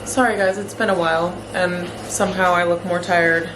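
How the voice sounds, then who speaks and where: A lifestyle vlogger in her twenties chats casually in a home vlog from her apartment, upbeat and full of "like" fillers. Her voice is on the low side, with fairly even intonation at normal speed. The room is echoey, with faint background noise.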